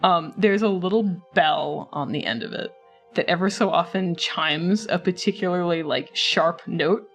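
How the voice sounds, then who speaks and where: A woman's voice: lowish voice, measured pace. Woman game master with music under. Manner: relaxed, chatty narration with many fillers. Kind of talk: narrating a tabletop game.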